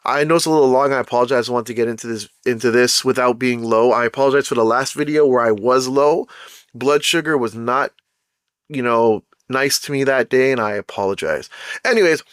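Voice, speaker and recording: A man's voice: mid-range voice, fairly quick, fairly bright tone, smooth, dry recording, clean studio sound. A man vlogging a casual ranting monologue, exasperated and repetitive, addressing viewers directly. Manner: exasperated, ranting, repeats "bro" and "like".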